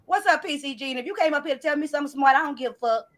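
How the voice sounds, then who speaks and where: A woman with a high, expressive voice hosts a live stream, racing as she reads the chat. She brashly and profanely calls out one of the viewers.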